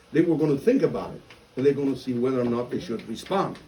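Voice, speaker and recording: An Italian-accented priest tells a story with lively, self-mocking energy and acts out each side of the conversation. His voice sits at an ordinary middle pitch for a man. A faint hum of room ambience sits behind him. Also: fairly quick, low-quality recording. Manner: animated, self-mocking storyteller who acts out quoted dialogue. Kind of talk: storytelling talk.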